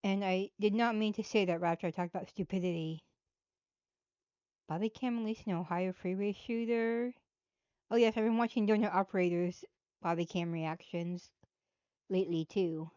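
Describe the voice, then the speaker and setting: A woman's voice: mid-range voice, steady tone, normal speed, pauses often, a little mellow, smooth, no room sound. A woman hosting a casual live commentary, blunt and sarcastic. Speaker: host. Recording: dull dry lo-fi.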